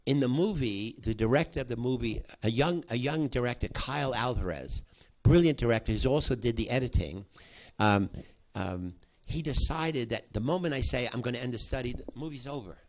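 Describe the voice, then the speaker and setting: An older man, a psychology professor, recounting a past study to an audience in halting speech full of restarts. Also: medium pitch, animated, darkish tone. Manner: halting, with many restarts, acting out quoted voices. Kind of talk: spoken storytelling to an audience.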